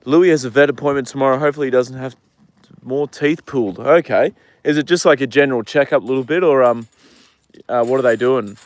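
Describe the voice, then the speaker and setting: A man talks easily to his live stream audience from outside by a horse paddock, wandering from thought to thought as he answers comments. His voice sits at a middling pitch, and the sound is dry with little room echo. He swears now and then without much fuss. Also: a little fast. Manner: chatty, rambling, answers viewer comments, swears freely. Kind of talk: casual live stream chat.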